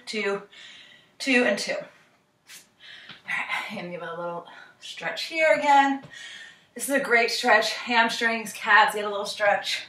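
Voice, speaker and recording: A young fitness instructor leads a cardio workout while exercising along, a little out of breath as she encourages and counts down reps. Her voice is slightly high and sharp. A camera mic picks her up from far off in an echoey room.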